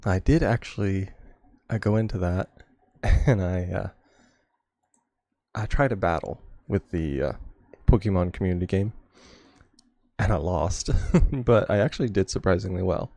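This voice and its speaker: Gravelly-voiced man chatting over gameplay. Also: sits low, measured pace, warm tone, dry recording. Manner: rambling, chuckles often. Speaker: streamer. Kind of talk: casual gameplay chat.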